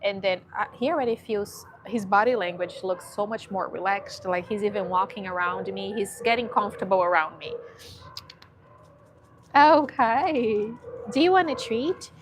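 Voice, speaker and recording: A woman's voice: medium pitch, normal speed, noisy background. A woman chatting casually on a livestream from a dog shelter, emotional and cooing at a shy dog.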